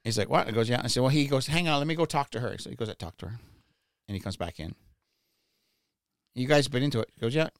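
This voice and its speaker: A man's voice: mid-range voice, quick pace, long pauses, no echo, studio quality. A man casually telling a personal story, blunt and profane, stammering and repeating words when worked up.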